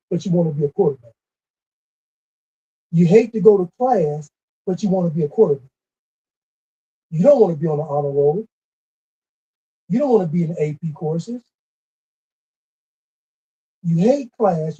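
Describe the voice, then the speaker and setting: A man's voice: high-pitched, normal speed, pauses often, dark tone, breathy edge. A man delivering a scolding, repetitive commentary rant with emphatic stresses. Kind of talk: ranting monologue. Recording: dull lo-fi recording.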